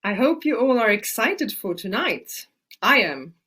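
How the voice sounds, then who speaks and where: Slightly high, a bit bright and husky, this voice is very animated yet measured in pace. It belongs to a middle-aged native Swedish speaker from Sweden, an Ayurvedic practitioner running a casual webinar in a chatty, filler-heavy way.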